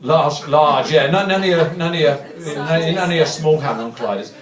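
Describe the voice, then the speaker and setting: A man from Reading doing stand-up in a comedy club, rambling through self-deprecating digressions with a deadpan touch, recorded from a distance. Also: a little high, normal speed, crowd noise. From Reading, England. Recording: echoey club recording from far off, audience laughter.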